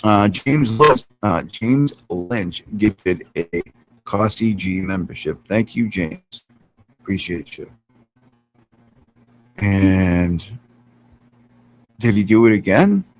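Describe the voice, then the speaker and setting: Brief: male streamer, low-pitched, loose and laughing, cooing to his cat, computer mic at a distance, faint hum behind. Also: slow, pauses often. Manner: chatty, laughs often, coos at his cat. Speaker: live streamer. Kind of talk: casual live-stream chat. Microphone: computer mic some distance away.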